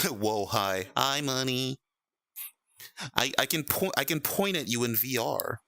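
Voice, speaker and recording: A young man hangs out on a VR stream and talks casually with his chat, animated and quick to laugh. His voice has a gravelly fry at mid pitch. The sound is dry and close, with no room around it. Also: dry recording. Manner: animated, laughs often, playful.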